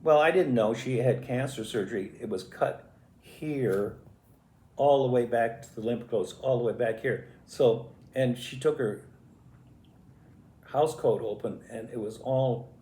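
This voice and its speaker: A man in his eighties telling stories from his life in a halting, reflective and emotional way. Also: medium pitch, warm tone. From US Midwest. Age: 80s. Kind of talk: personal storytelling. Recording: echoey room.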